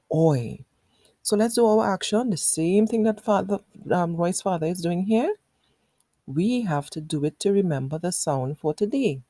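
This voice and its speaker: A woman teacher in her thirties walks young children through a phonics lesson, patient and encouraging. She speaks slowly in a lowish, mellow voice. The sound is dry and close. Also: no echo.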